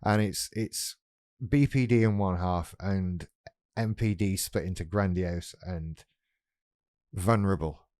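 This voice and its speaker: Man, casual vlog, self-mocking and animated, low voice, dry close mic. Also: slow pace, no echo. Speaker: YouTuber.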